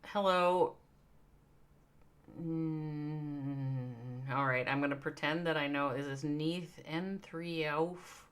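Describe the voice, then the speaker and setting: A woman's voice: sits low, steady tone, slow pace, pauses often, clean tone. A woman with a Midwestern accent chatting casually with viewers on a live game stream, thinking aloud and reading out their names. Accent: American Midwestern.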